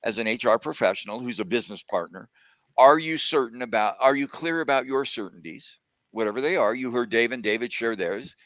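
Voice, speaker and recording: A man talks through a video call, sharing a personal story in an earnest, reflective way. His voice is close and dry, with no room around it, and his pitch sits in the middle. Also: lively intonation, a little fast, no room sound. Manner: warm reflective storytelling, gets emotional. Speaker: guest speaker. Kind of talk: casual conversation on a video call.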